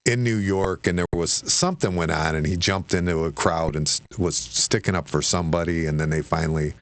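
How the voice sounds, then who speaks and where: A man hosting a casual chat, asking halting questions and repeating words as he searches for them. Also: sits low, fairly even intonation. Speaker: podcast host.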